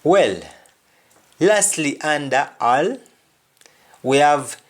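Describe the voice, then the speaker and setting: A man teaching a language lesson, speaking deliberately and repeating each example phrase. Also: medium pitch, animated.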